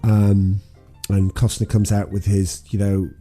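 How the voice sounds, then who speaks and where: A man's voice: fairly low pitch, little pitch movement, a little slow, mellow, faint music behind. A man co-hosting a podcast, casually retelling a film plot with many ums and restarts. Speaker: podcast co-host. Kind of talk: casual film recap chat.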